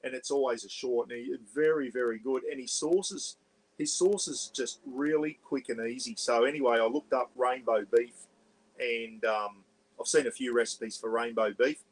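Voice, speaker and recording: A man's voice: mid-range voice, steady tone, moderate pace, low-quality recording. A man with an Australian accent, hosting a rambling, casual livestream chat from his caravan. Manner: rambling and chatty, often saying "bloody". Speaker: vlog host. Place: parked caravan.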